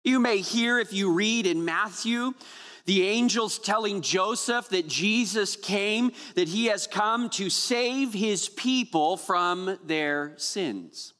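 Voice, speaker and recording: A man preaches a Christmas Eve sermon as pastor, opening with an earnest prayer before telling playful, humorous stories to the congregation. His voice is high and sharp, delivered slowly, with a long reverb tail.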